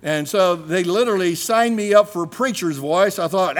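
A middle-aged man preaching a sermon, animated, swinging between loud emphasis and hushed asides. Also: sits high, normal speed, few pauses.

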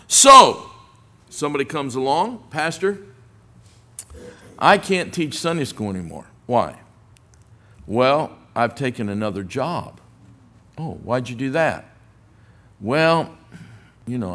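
An older man preaching a sermon, telling folksy stories with humor and rising to forceful emphasis on scripture. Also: medium pitch. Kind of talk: sermon with storytelling.

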